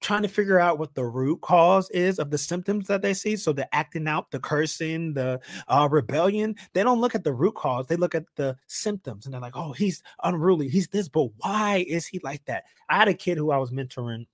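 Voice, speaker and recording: A young man hosting a solo talk show, speaking in an animated preaching cadence, firing rhetorical questions and acting out quoted voices with big swings in pitch and loudness. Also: fairly quick, few pauses, no echo, studio quality. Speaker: podcast host.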